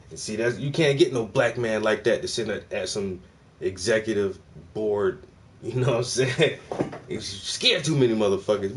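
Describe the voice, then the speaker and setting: A man hosting a casual reaction commentary, talking in profane street slang with loud exclamations. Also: lowish voice, moderate pace. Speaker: host reacting to a clip.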